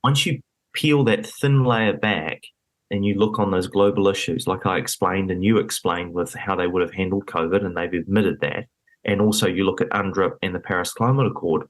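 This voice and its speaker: Speaking at a moderate pace in a deep voice, a man joins a podcast as a guest for a lively political conversation in the studio. He sounds indignant and emphatic, and fillers crop up throughout.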